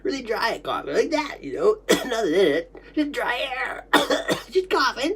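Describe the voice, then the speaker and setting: A woman recounting a memory aloud in halting, repetitive phrases, interrupted by coughing. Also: on the high side, sing-song, breathy edge.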